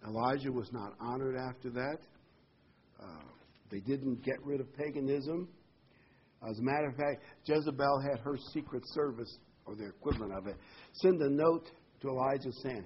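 A man leads a casual Bible study, reading verses aloud and explaining them with lively swings in pitch. His voice is slightly husky, and the recording sounds dull and lo-fi. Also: normal speed. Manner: animated retelling, voice jumping up when mocking. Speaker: Bible teacher.

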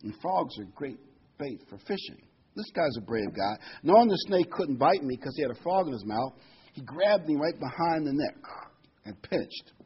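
Male preacher, husky voice, folksy sermon, dull lo-fi recording. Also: fairly high pitch, very animated, normal speed. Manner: reads verses then explains in folksy asides. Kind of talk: sermon with scripture reading.

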